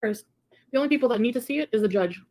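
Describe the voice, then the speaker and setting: A woman's voice: fairly high pitch, lively intonation, quick pace, dark tone. Brief: young woman, casual stream chat, sarcastic comment reader.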